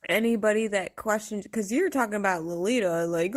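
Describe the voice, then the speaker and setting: A woman's voice: mid-range voice, a little fast, few pauses. A woman vlogger ranting casually to camera, blunt and profane, rambling and laughing often.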